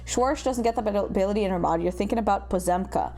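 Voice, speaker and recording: A young woman streamer chatting casually with her viewers, with a self-deprecating, animated manner. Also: medium pitch, fast. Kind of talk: casual livestream chat.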